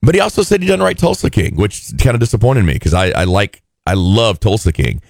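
Animated man ranting about a TV show. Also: fairly quick, creaky, dry recording. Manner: animated, exasperated, mocks characters in high put-on voices. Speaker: podcast co-host. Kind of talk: casual TV recap chat.

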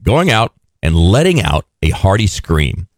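Give me a joking, sarcastic male radio co-host with a low voice and a dry close mic. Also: big pitch swings, measured pace, dry recording. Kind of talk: casual on-air chat.

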